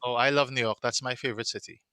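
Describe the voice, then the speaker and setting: A man's voice: mid-range voice, steady tone, quick pace, sharp tone, clear, resonant tone, no echo. Playful teasing man as host, dry close sound. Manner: playful, teasing, repeats himself. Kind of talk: hosting an online show. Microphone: video call.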